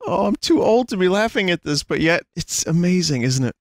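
A man's voice: high voice, sing-song, a little fast, no room sound, studio quality. A man streaming a game, giving sarcastic, profane, mock-outraged commentary. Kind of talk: casual gameplay commentary.

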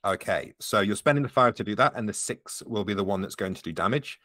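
A man narrates and referees a tabletop game, walking a player through the rules in a low, unhurried voice. He fills pauses with ums as he thinks. The sound is dry and close. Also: a bit bright, dry recording. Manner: explains rules patiently, lots of ums. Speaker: game master.

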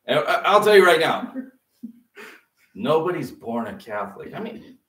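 A man's voice: a little high, very animated, normal speed, fairly bright tone, recorded from a distance. A male pastor giving a conversational sermon in a church, acting out the voices he quotes. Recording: echoey room, voice off-mic.

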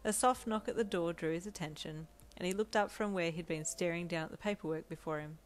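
A woman narrating a second-person fan audio story in a steady, intimate reading style. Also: on the low side, a little fast. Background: soft lo-fi piano backing music.

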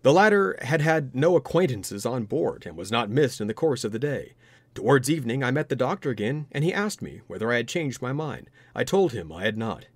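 A man narrating a ghost story in an expressive, dramatic reading. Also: mid-range voice, fairly quick, breathy edge, dry recording.

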